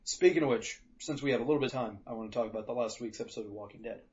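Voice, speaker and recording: Foul-mouthed joking podcast host, lo-fi sound. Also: male voice, medium pitch, rapid-fire, darkish tone. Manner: profane, joking, acts out quotes. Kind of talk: casual chat. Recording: dull lo-fi podcast audio.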